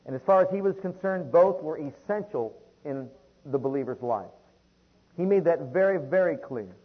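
A man's voice: on the high side, lively intonation, normal speed, husky, phone-quality sound. A man preaching a sermon, reading long scripture passages aloud and calling out to his listeners. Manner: reads scripture in King James wording, calls listeners beloved.

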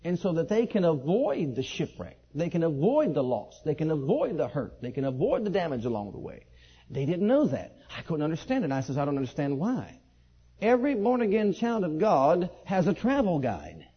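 A man preaching a sermon and telling his own testimony, leaping from high excited outbursts to low quiet asides. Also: normal speed, slightly rough. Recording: dull lo-fi sermon recording.

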